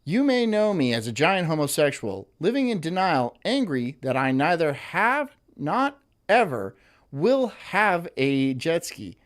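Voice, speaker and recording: A man's voice: on the high side, very animated, a little slow. A man hosting a live stream, reading out viewer messages, stumbling, restarting and cursing in exasperated banter. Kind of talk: casual live-stream chat.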